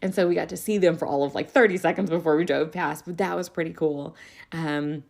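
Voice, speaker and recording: A woman hosting a podcast, a schoolteacher telling a story in a casual, animated way, laughing often. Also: sits low, fairly quick, creaky. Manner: animated, laughs often, acts out children's voices. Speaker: podcast host; elementary school teacher.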